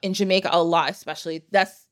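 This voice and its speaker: A woman's voice: lowish voice, fairly even intonation, quick pace. A woman hosting a podcast, chatting casually and enthusiastically with many tangents. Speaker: podcast host.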